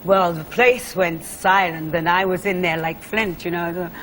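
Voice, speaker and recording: A woman's voice: fairly low pitch, fairly even intonation, unhurried, a bit bright, slight background noise, poor audio. A Welsh woman, a singer, chatting as a guest in a television studio interview, telling stories with many fillers and laughs. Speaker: singer as talk show guest.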